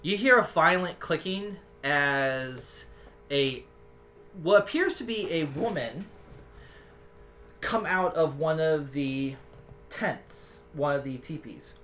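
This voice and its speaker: Lady game master rambling through scene descriptions, lowish voice, very animated. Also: takes it slowly, faint music behind. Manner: rambling descriptive narration with restarts. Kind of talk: narrating a tabletop game.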